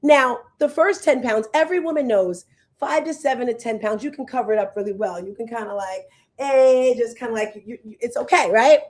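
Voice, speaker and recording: A woman in her fifties hosting a show as a fitness coach, chatting casually and telling animated stories to her viewers. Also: on the high side, a little fast. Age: 50s. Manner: animated storyteller, acts out voices and exclamations.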